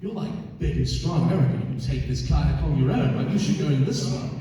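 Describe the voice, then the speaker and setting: A man's voice: mid-range voice, a little fast, warm tone, natural voice. A comic voicing a laid-back young male kayak instructor who calls everyone "dude", heard live from far back in an echoey hall. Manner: casual, unbothered.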